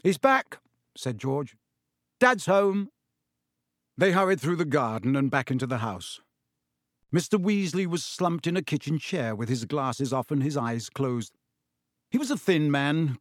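A man reading a children's novel aloud as an audiobook narrator, with steady storytelling. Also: medium pitch, moderate pace, dry recording, clean studio sound.

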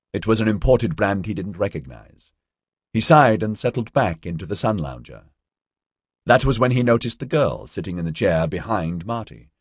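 Male audiobook narrator, deep and husky, expressive delivery, dry booth sound. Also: dry recording. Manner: steady storytelling with lightly voiced dialogue. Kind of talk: scripted narration.

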